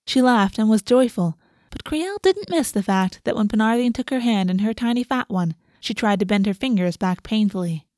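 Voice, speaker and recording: A woman narrating a storybook in a steady, even reading voice. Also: a little high, moderate pace, few pauses, no room sound, studio quality.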